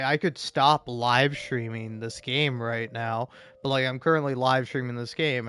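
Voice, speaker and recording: A man live streams a game, rambling casually in a medium-pitched, fairly bright voice. His meandering talk is packed with fillers, stammers, and swearing.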